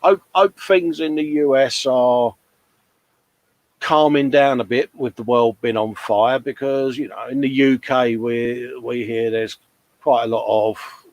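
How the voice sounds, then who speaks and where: A man's voice: mid-range voice, fairly even intonation, unhurried, a little mellow, dry recording, low-quality recording. Chatty man reading comments. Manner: chatty, calls everyone mate. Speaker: livestream co-host. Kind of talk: casual chat reading viewer comments.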